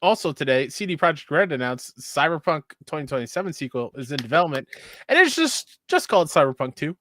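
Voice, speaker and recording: A man's voice: on the high side, big pitch swings, quick pace, a bit bright, no echo, studio quality. A young adult man co-hosting a gaming podcast, joking and reading out news in casual chat. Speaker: podcast co-host.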